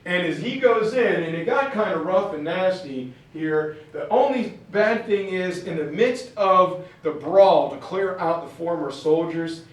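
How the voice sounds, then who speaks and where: A male teacher tells a history story to his class in a loose, chatty way. His voice sits a bit high. The classroom echoes heavily and he is far from the mic. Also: measured pace, hardly any pauses. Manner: casual, chatty, animated.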